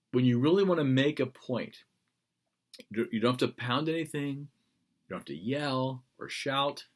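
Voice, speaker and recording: A male teacher gives a lecture on writing. His delivery is emphatic and animated. He leans on key words and slips in playful asides. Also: mid-range voice.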